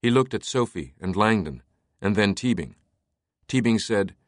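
A man narrating an audiobook in a steady, even tone. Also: on the low side, normal speed, no echo, studio quality. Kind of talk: scripted narration.

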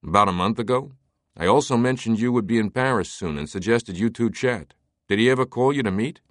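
A man voicing a harried, exasperated book editor with a brisk, incredulous manner. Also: fairly low pitch, fairly bright tone, no room sound, clean studio sound, voice pushed up, lightly acted.

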